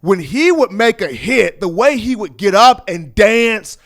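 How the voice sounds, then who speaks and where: A man hosting a sports talk show, talking in an animated, playful storytelling manner. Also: high-pitched, a little slow, vocal fry. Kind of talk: energetic sports talk commentary.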